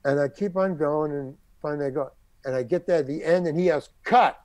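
A fast-talking older man with a fairly high pitch, recorded with no room sound, is a character actor recalling a story from his career. During the casual interview he acts out the quoted voices with animated energy.

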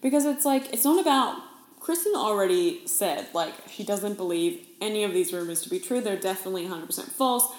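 Chatty animated woman in echoey room. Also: medium pitch, fairly quick. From Australia. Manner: animated, swears, acts out quotes. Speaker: podcast co-host. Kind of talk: casual chat.

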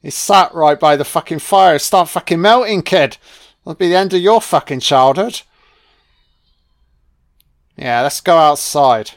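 A man's voice: a little high, a little slow, long pauses. A man giving a sarcastic, foul-mouthed comedic commentary on a film. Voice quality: sweary, sarcastic, deadpan. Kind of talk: profane comedic movie commentary.

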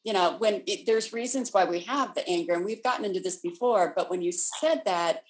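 A woman co-hosting a spiritual talk at a middling pitch, speaking conversationally. She tells anecdotes and explains ideas in a steady way. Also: brisk, low-quality recording. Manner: storytelling, acts out voices in anecdotes. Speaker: co-host. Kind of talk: casual spiritual chat.

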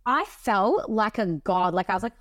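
A woman with an Australian accent, co-hosting a casual parenting podcast and telling animated stories with acted-out quotes. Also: medium pitch, normal speed. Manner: animated storyteller, acts out quotes. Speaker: podcast co-host. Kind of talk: casual chat.

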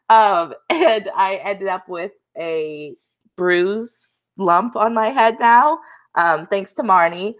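Young woman cohost, laid back, says um a lot, mid pitch, casual podcast chat. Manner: laid-back storyteller, filler-heavy. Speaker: podcast co-host.

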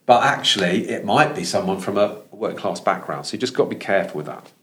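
Low-voiced man with an Estuary accent. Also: lively intonation, fast talker, fairly bright tone, a little hiss or hum. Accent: Thames Estuary English. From London. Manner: earnest, thinks aloud with many restarts. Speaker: professor, guest. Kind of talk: conversational podcast interview.

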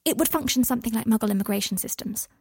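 A woman voicing a clever, organised young witch in a storybook reading, speaking quickly and precisely with eager energy. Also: fairly high pitch, darkish tone, slightly rough, no room sound, studio quality, voice pushed up. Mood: earnest.

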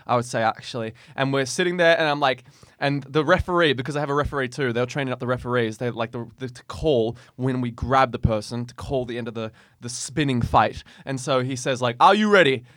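A man co-hosting a casual podcast, telling a crude, animated story and laughing often. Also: mid-range voice, no room sound, clean studio sound. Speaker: podcast co-host.

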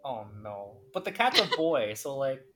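A woman podcast co-host in casual chat, blunt and quick to swear. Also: a bass voice, very animated, a bit bright, soft background music.

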